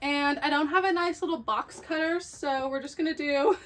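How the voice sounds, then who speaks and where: A woman's voice: high voice, normal speed, fairly bright tone, slight background noise. A young woman chatting casually about a book haul, gushing and full of fillers. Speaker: book vlogger.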